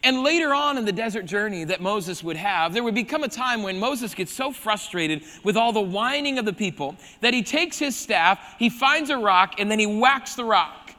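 A man from South Dakota preaching a lively sermon, his high voice ringing bright and sharp. He drops to a hush to press a point, then surges loud again. A long hall reverb trails each phrase. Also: moderate pace, few pauses. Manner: animated preaching, swinging from hushed emphasis to loud bursts. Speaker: pastor. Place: church hall.

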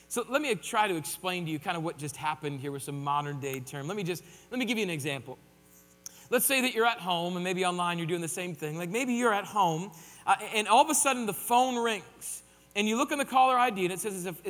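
A man's voice: high-pitched, fairly bright tone, in a large hall. A man preaching a sermon in a conversational way, with joking asides. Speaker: pastor.

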